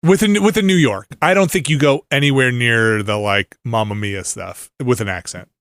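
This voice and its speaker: A man co-hosting a podcast in casual chat, talking in animated, wandering runs and laughing often. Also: mid-range voice, moderate pace, no echo. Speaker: podcast co-host.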